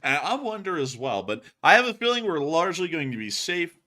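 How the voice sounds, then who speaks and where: A man hosting a casual live stream, rambling and animated with frequent fillers. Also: on the high side, brisk. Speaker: host of war news stream.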